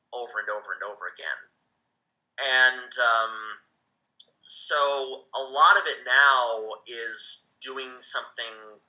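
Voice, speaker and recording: A man with a very bright, ringing voice talks casually as a guest. He speaks in a halting way, full of restarts and fillers. His pitch sits mid-range. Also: poor audio. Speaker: voice actor guest. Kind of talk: casual interview chat.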